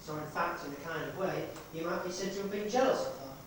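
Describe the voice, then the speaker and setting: A man rehearsing a stage play as a stern police inspector, questioning in a measured, relentless way. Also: high voice, far from the mic, lightly acted. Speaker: amateur stage actor. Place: rehearsal hall. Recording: echoey hall recorded from afar, noisy.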